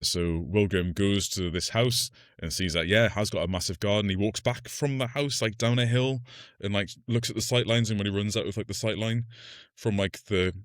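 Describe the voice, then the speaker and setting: A low-pitched man talks through a film plot in a relaxed podcast chat. He recaps scenes loosely, leaning on filler words. The close mic sounds dry with no room around it. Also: brisk, no echo. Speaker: podcast co-host. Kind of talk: casual film discussion.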